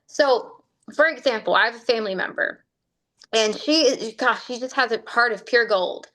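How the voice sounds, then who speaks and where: A woman's voice: a little high, moderate pace, a bit bright. A woman who works as a fitness coach talks casually, filling her speech with "like" and "right?" and acting out inner voices as she explains. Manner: chatty, fills speech with "like" and "right?". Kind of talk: casual livestream talk.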